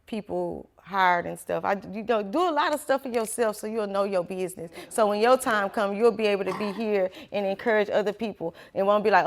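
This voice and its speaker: A woman's voice: medium pitch, fairly quick, hardly any pauses. A woman who owns a small business, giving a casual motivational talk to a class and acting out quoted voices as she goes. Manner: animated, acts out quoted voices, laughs often.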